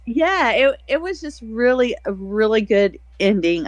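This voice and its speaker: A woman's voice: medium pitch, moderate pace, hardly any pauses, a little mellow, dry recording. A woman co-hosting a book podcast, talking in a casual, rambling way and laughing often. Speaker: podcast co-host. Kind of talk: casual chat.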